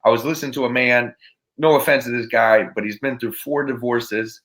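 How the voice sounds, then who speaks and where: A man talking as a podcast guest with a motivational speaker's energy. He rambles and restarts his sentences, and his voice stays at a middle pitch. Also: fairly even intonation, a little fast, a bit bright. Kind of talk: casual interview chat.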